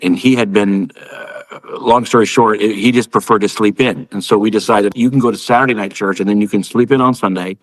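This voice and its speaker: A man's voice: on the low side, steady tone, fairly quick, hardly any pauses, no echo. A middle-aged man who is a pastor, telling a story in an earnest, reflective way. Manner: earnest storytelling, quotes his son. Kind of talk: reflective conversation.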